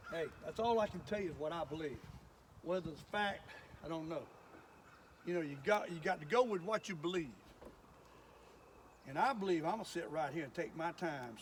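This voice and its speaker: High-voiced folksy older man. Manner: folksy, chatty, exclaims at each bite. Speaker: fishing video host. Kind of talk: casual fishing commentary. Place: on a lake outdoors, fishing. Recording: outdoor ambient noise.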